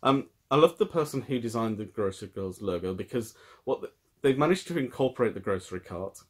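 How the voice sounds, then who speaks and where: A British man with a fairly low voice hosts a knitting and crochet video podcast. He talks in a relaxed, rambling way, often restarting his sentences as he thinks aloud, recorded on a camera at table distance. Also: a little fast. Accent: British English. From United Kingdom. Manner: thoughtful, rambling, with frequent restarts. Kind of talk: casual chat.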